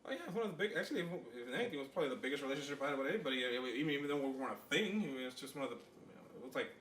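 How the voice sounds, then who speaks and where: A man's voice: medium pitch, lively intonation, racing, a bit bright, echoey room, slight background noise. A man co-hosting a podcast, telling a long story in a rambling, casual way with lots of fillers. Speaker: podcast co-host.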